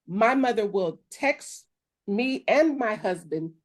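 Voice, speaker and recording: A woman minister co-hosting a casual chat, talking loosely with restarts and quick laughs. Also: mid-range voice, lively intonation. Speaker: minister and podcast co-host.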